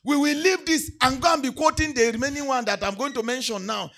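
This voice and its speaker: A male pastor with a Nigerian English accent delivers a sermon in a high, bright voice. His tone is gravelly and husky, and he shifts between quiet remarks and shouted, sing-song declarations. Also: a little fast.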